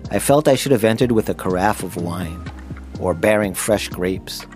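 A man's voice: deep voice, moderate pace, a little mellow, soft background music. A man narrating his own memoir in the first person, wry and self-deprecating.

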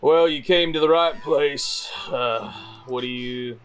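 A man's voice: medium pitch, slow, fairly bright tone, smooth. A man voicing a male camel stable keeper who bargains casually and hesitantly. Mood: bargaining.

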